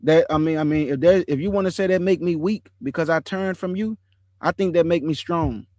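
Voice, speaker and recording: High-voiced casual man talking to viewers. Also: fairly quick, no room sound. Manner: relaxed slangy street talk, addresses viewers as family; laughs often while telling stories. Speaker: online show host. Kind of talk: casual livestream chat on scripture.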